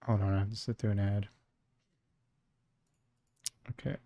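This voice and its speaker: Casting: relaxed male streamer, gravelly, low-pitched, dry close sound, offhand muttering. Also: measured pace, dry recording. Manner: laid-back, muttering to himself, swears casually. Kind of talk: casual stream chat.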